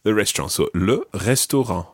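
A man hosting a language-learning podcast, teaching patiently and modelling words clearly for the listener. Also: on the low side, lively intonation, normal speed, no echo, clean studio sound. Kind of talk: language lesson with an ad read.

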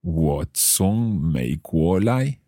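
A man playing a polite foreign conference visitor in a slow, careful practice dialogue. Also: low voice, big pitch swings, warm tone, dry recording, clean studio sound, heavily acted.

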